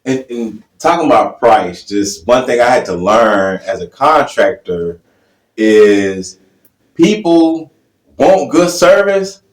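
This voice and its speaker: A man's voice: lowish voice, expressive, takes it slowly. A man co-hosting a podcast, sharing personal stories in a loose, rambling way with plenty of fillers. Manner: rambling, many fillers and restarts. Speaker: podcast co-host, contractor. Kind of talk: casual podcast chat. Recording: echoey room.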